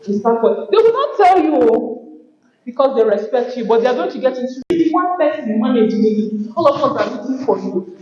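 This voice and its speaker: A woman giving an animated motivational talk at a conference, often acting out workplace exchanges. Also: fairly high pitch, moderate pace. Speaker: conference speaker. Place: conference hall. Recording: very echoey hall, dull sound.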